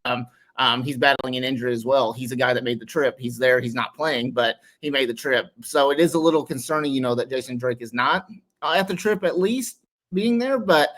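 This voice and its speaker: A man's voice: mid-range voice, a bit bright. A man speaking as a guest analyst on a sports podcast, in casual chat that rambles with many fillers. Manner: rambling, heavy on "um" and "you know".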